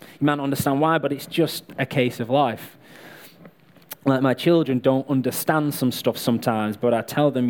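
A man delivers a sermon with live props and volunteers, chatting and joking as he talks straight to the crowd and calls people up to help. His voice is medium-pitched with fairly even intonation and a moderate pace.

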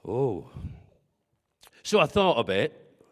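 A man's voice: medium pitch, big pitch swings, slow pace. A man preaching a sermon in a conversational way, telling stories with humor and asking the congregation questions. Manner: humorous, self-deprecating storytelling. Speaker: pastor. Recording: long hall reverb.

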